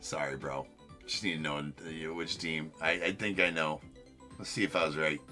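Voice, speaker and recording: Faint music plays as a young man, speaking at a moderate pace, hosts a card break livestream. He keeps things loose with his viewers, mocking himself, cursing from time to time, and jumping up in pitch in excited moments.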